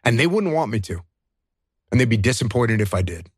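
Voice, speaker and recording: A man speaks in an earnest, emphatic way, asking himself questions and answering them at once. He keeps coming back to the same short phrases. His voice sits at an average pitch and sounds dry and close, with no room around it. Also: very animated, brisk, breathy edge, dry recording. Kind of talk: earnest conversational advice.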